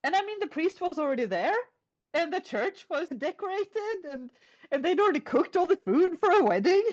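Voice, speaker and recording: A woman retelling an old folk tale in a chatty, animated storytelling style. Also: extremely high pitch, normal speed. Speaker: podcast storyteller. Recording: lo-fi podcast audio.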